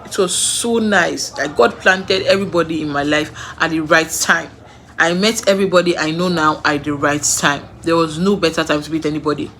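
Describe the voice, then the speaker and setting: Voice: medium pitch, steady tone, moderate pace, a bit bright, slight background noise. A young adult with a Nigerian accent tells personal stories in a casual way, repeating words for emphasis and laughing between sentences. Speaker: vlogger.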